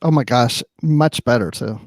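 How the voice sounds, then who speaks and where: A man's voice: mid-range voice, normal speed, no room sound. A man co-hosting a live discussion show, chatting casually and laughing between thoughts. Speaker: podcast co-host. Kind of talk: casual chat.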